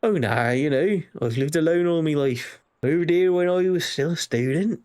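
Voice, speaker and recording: A man's voice: a little high, moderate pace, a little mellow, clean tone, lightly acted. A man voicing a weary middle-aged boatman who delivers supplies, chatty and folksy. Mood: wistful.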